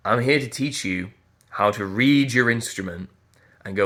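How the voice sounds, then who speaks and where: A man's voice: on the low side, normal speed, fairly bright tone. A man, a voice teacher giving an earnest, emphatic motivational talk and repeating phrases as he thinks aloud. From Yorkshire.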